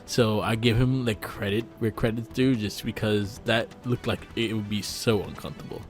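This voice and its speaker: A man's voice: lowish voice, fairly even intonation, normal speed, faint music behind. A man co-hosting a podcast, talking about a movie in a laid-back way and swearing casually. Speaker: podcast co-host. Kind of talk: casual movie review chat.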